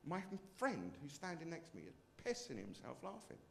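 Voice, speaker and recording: Lively man doing stand-up. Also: fairly high pitch, brisk, creaky. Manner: brash, self-mocking, punchy delivery. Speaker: stand-up comedian. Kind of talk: stand-up comedy set. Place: comedy club stage, indoors.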